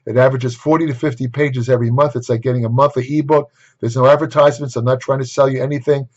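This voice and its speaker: A man's voice: medium pitch, steady tone, fast, a little mellow. An older man giving a casual lecture to camera on nutrition, blunt and opinionated, with exasperated asides. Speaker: nutrition writer and host. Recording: dull lo-fi recording.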